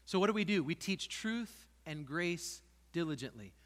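A man's voice: on the high side, lively intonation, moderate pace, fairly bright tone, long reverb tail. A man, a pastor, preaching a sermon with passion and emphatic peaks, in a church sanctuary.

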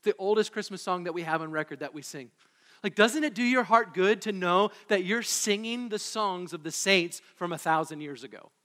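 A high, bright-voiced man preaching with excitable, animated energy. His voice carries a long reverb from a church hall. He talks like a pastor who grows eager as he goes. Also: normal speed. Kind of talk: sermon. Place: church sanctuary.

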